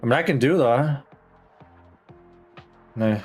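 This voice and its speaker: A man's voice: mid-range voice, slow pace, a little mellow, faint music behind. A man streaming a game, thinking aloud in casual, slangy chat with plenty of swearing. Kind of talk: casual gameplay commentary.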